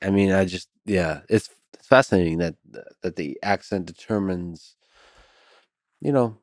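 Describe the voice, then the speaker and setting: Male podcast host, very deep, soft-spoken and measured, dead-dry studio sound. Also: no room sound. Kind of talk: casual conversation.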